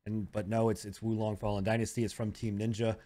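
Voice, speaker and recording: A man's voice: on the low side, little pitch movement, quick pace, mellow. Hesitant male podcast host. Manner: hesitant, many ums, leads the segments. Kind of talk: casual chat.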